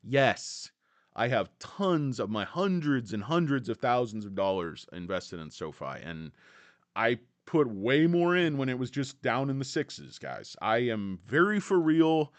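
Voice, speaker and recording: Speaking a little slowly at medium pitch, with no echo, a middle-aged man hosts a livestream about stocks. Casual and excitable, he jokes around, reads comments out, and rambles with plenty of fillers.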